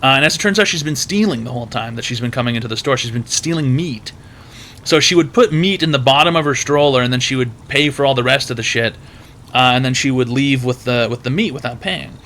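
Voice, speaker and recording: A man's voice: medium pitch, fast, pushed and bright. A man hosting an advice stream who tells rambling, profane stories packed with "like" and other filler words. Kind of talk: casual storytelling.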